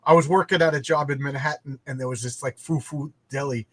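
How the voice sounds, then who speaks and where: A man's voice: mid-range voice, fairly even intonation, brisk, a bit bright, breathy edge, no echo. A man from New York hosting a casual livestream chat, rambling and chatty, often stuttering and repeating his words. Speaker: livestream host.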